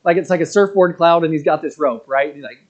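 A man's voice: on the high side, fast. A man in his thirties giving a casual, rambling sermon, full of fillers and joking asides. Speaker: pastor.

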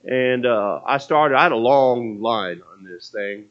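A man's voice: medium pitch, lively intonation, unhurried, dull audio. A man preaching a sermon in a conversational, storytelling way, often restarting his phrases.

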